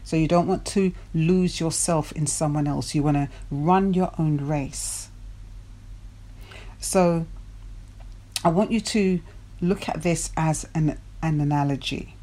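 Speaking slowly in a low, mellow voice, this dating and self-development coach delivers a motivational talk to her viewers. She leans on rhetorical questions and repeats key words to drive her points home.

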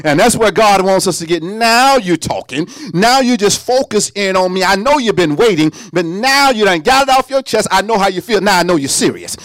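A man preaching a sermon, animated, with sung lines and sudden drops to a hush. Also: high-pitched, normal speed, hardly any pauses, dry recording, studio quality.

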